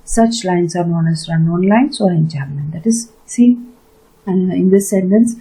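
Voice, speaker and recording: A woman's voice: lowish voice, measured pace, mellow, slightly rough, low-quality recording. A woman teacher from India explaining poetry terms in a recorded lecture, step by step with fillers and repetition. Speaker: literature teacher.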